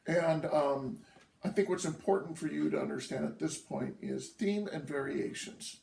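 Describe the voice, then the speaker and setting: A man teaching a drum lesson, patiently explaining rhythms and counting them out loud. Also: on the high side, moderate pace, vocal fry, slight background noise. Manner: patient, counts rhythms aloud, checks in with "okay?". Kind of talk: instructional lesson. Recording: echoey room, voice from a distance.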